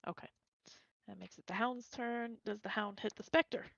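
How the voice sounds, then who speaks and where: A woman's voice: a little high, fairly even intonation, normal speed, creaky, fairly bright tone, no room sound, muffled recording. A woman running a tabletop game as game master, chatting casually and laughing often.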